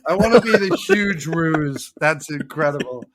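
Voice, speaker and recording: A man's voice: on the high side, lively intonation, normal speed. A man hosting a podcast in casual chat, joking and launching into mock rants. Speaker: podcast host.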